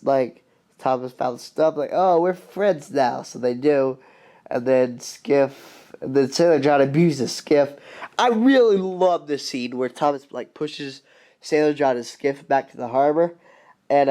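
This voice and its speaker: A man casually recapping a film he loves, rambling and excited, with many fillers and restarts. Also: mid-range voice, clear, resonant tone.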